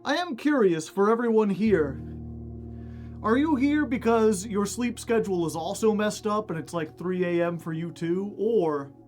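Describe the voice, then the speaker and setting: A man's voice: high voice, lively intonation, unhurried, darkish tone, soft background music. A young man streaming a game, out of breath after exercise, chatting casually and greeting viewers by name. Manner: chatty, reading out chat names.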